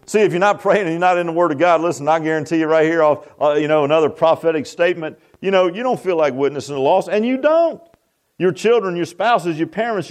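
A man preaching a Baptist sermon in a folksy, animated way, often stammering and restarting. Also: sits high. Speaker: Baptist pastor.

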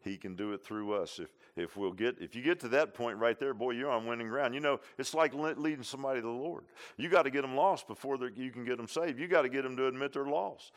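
A man's voice: mid-range voice, quick pace, hardly any pauses. A man preaching a sermon, repeating lines for emphasis and tossing in "huh?" and "amen.". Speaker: pastor.

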